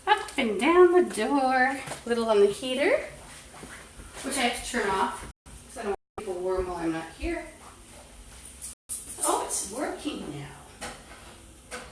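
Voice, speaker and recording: Lady rambling on a phone live stream, slow and kinda high, echoey room, far from the mic. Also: sing-song, noisy background. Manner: rambling, jumps between topics. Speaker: livestreamer.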